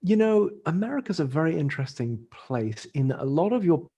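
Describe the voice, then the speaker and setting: A fairly high, creaky, mellow and husky voice belongs to a middle-aged English dating industry expert who is very animated and talks a little fast. Appearing as a podcast guest, he keeps things casual, laughing often and restarting his phrases.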